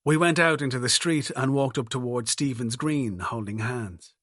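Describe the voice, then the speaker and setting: A man narrating a novel in the first person, with calm, measured storytelling. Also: medium pitch, no echo, studio quality. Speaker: audiobook narrator.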